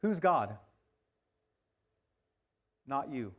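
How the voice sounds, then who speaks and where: A man of middle age preaching to his congregation in an average-pitched voice. His delivery is conversational, leaning in with quiet, hushed lines and then building to firm emphasis. It sounds like a live sermon. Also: big pitch swings, extremely slow, slightly rough. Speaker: pastor.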